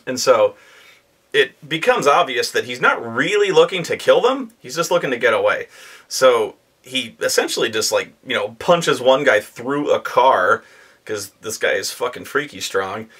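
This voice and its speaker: A man in his thirties telling a profane, animated story about a tabletop game, acting out his players' lines in raised voices. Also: medium pitch, moderate pace, breathy edge. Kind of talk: casual storytelling monologue.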